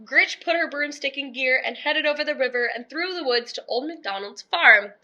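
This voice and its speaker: A woman teacher reading a children's picture book aloud in a lively, expressive way. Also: sits high, normal speed, highs cut off.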